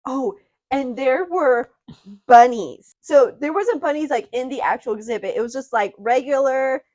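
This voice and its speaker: A chatty woman in her twenties with a fairly high voice. She talks in quick asides and laughs along. The sound is dry and close, with no room echo. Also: darkish tone. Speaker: vlogger. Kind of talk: casual chat.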